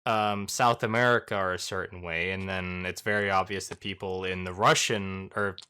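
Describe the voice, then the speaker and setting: A man's voice: deep voice, fairly even intonation, normal speed, bright, forceful tone, smooth. A young man co-hosting a casual group podcast chat, thinking aloud and rambling with lots of "like" and "um". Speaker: podcast co-host.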